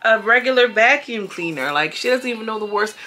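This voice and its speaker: A woman's voice: fairly high pitch, animated, a little fast, bright, forceful tone. A woman casually reviewing a reality show from home, chatting directly to her viewers with blunt, opinionated commentary.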